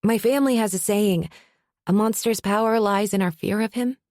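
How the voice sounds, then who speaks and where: A woman's voice: mid-range voice, normal speed, a little mellow, dry recording, clean studio sound, voice pushed up, close to an everyday voice. A woman voicing an earnest young village girl who chatters eagerly.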